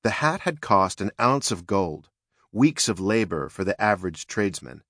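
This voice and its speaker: In a studio-quality recording without echo, a man with a fairly low voice narrates an audiobook, keeping his storytelling measured and even.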